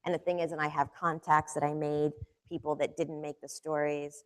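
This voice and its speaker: A lower-pitched woman tells stories from her reporting work in a casual, rambling way. She leans on filler words and grows lively when she acts out scenes. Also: normal speed, smooth. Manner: chatty, loose, full of "like" and "you know", lively when retelling scenes. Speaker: magazine reporter speaking to students. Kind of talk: casual anecdotal talk.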